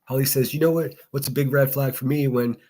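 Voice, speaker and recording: A man's voice: mid-range voice, fairly even intonation, a little fast, dark tone. A man from Pittsburgh with a faint Pittsburgh accent, hosting a casual solo livestream and chatting with chat in a rambling, profane way. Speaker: livestream host.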